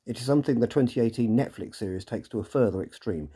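A man's voice: mid-range voice, quick pace, mellow, breathy edge. A man hosting a podcast, reading a scripted episode recap with dry, sarcastic asides. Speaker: podcast host and narrator.

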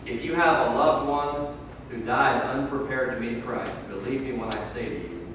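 A man preaching a sermon in a church, swinging from loud emphatic peaks to low, quiet drops. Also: moderate pace, background noise. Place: church hall. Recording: echoey hall from far off.

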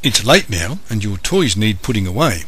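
A man's voice: lowish voice, sing-song, normal speed, fairly bright tone, husky, heavily acted. A man voicing a small, formal, courteous male mouse who keeps saying sir. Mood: kindly.

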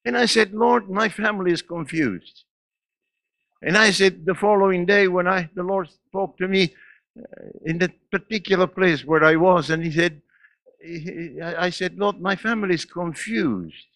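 A man in his eighties with a foreign accent preaches a sermon, and his voice is bright and forceful. It sits a little high and sounds dry and close. He laughs now and then and swings between loud and quiet. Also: fairly even intonation, normal speed, no echo. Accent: non-native English. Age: 80s. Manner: preaching with laughs and sudden swings in pitch and loudness. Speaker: pastor. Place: church.

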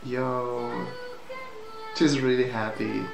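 An excitable man talks casually to his viewers, breaking into exclamations and questions. His voice sits at an ordinary middle pitch, and it rings in an echoey room while a song plays clearly behind him. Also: very slow, music in the background. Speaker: reaction video host. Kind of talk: casual reaction commentary.

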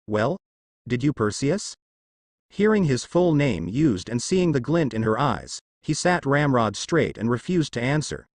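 A man narrates a fan fiction tale with a pitch that rises and falls freely across each sentence. His voice sits close and dry, with no room around it. He keeps an animated storytelling lilt throughout. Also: moderate pace, few pauses, no echo. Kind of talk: reading fan fiction aloud.

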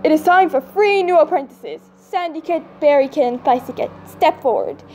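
A solemn cat clan leader from a storybook speaks in a formal, measured cadence, as a woman reading aloud puts the part on. The voice sits high yet mellow, with a faint hiss of noise underneath. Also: animated.

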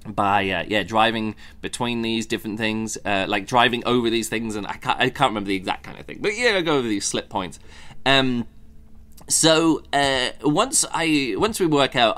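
Man of middle pitch, casual podcast reviewer, loose and rambling, fond of mocking little impressions. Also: animated, normal speed, fairly bright tone. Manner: rambling, many fillers and restarts, mocking mimicry. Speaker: podcast host reviewing a book.

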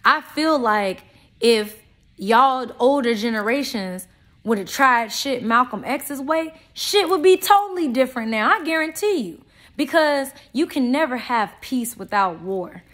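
A young adult woman in an unscripted vlog monologue, talking in a blunt, profane and confrontational way, with loud outbursts and low asides. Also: expressive, unhurried. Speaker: vlogger.

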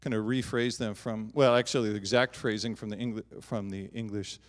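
A middle-aged man preaching a sermon as pastor, swinging from loud emphatic declarations to soft, quiet asides. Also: on the low side, fairly quick. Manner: animated preaching, rising loud on emphatic lines, dropping soft on personal asides. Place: church sanctuary.

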